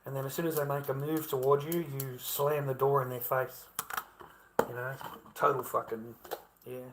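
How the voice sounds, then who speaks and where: A man's voice: medium pitch, little pitch movement, normal speed, very noisy. A middle-aged Australian man ranting casually to camera, rambling and heavy with profanity. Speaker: vlogger.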